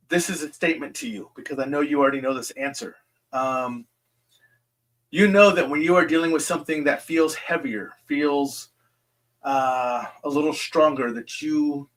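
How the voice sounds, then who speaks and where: A man hosting a live question-and-answer stream. He rambles in a reassuring way, speaks straight to each viewer and fills his pauses with "um". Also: mid-range voice, fairly bright tone.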